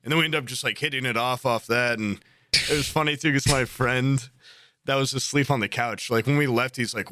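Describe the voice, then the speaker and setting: A man's voice: medium pitch, a little fast, sharp tone, no echo. A man in his twenties telling a long, rambling story on a casual podcast, full of fillers and acted-out quotes. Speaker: podcast co-host.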